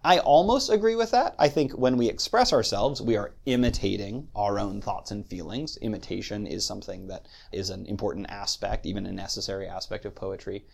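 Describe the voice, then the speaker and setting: Man, podcast host, low and gravelly; measured lecture delivery. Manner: thoughtful, measured, taps out meter aloud. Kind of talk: lecture-style podcast talk.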